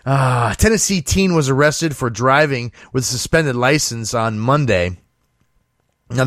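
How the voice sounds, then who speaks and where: A male host riffs on odd news stories with sarcasm and plenty of profanity. His pitch swings a lot as he talks. The sound is dry and close, with no room echo. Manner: sarcastic, profane, animated storytelling. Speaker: show host. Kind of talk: casual comedic news commentary.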